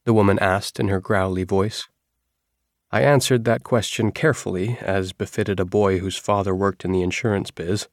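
A man reading a first-person novel aloud in a measured, even storytelling manner. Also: deep voice, no room sound, clean studio sound. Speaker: audiobook narrator.

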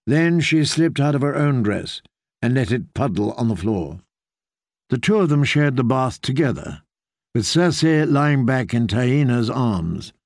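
A man reading an audiobook in a steady, even way, his voice gravelly with a touch of vocal fry. The sound is close and dry, with no room sound. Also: mid-range voice, a little slow, no echo. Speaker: audiobook narrator. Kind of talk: scripted narration.

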